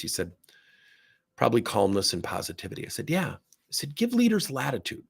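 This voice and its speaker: A middle-aged man with a gravelly, husky voice coaching on leadership. He tells workplace stories and acts out both sides of each exchange, and his pitch swings widely. The delivery is animated and lively. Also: a little fast, long pauses. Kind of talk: livestream talk with acted anecdotes.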